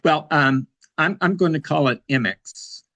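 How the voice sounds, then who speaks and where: A man's voice: on the high side, normal speed, a bit bright, no room sound. A man who served in the Air Force, talking casually as an interview guest, with many fillers and restarts.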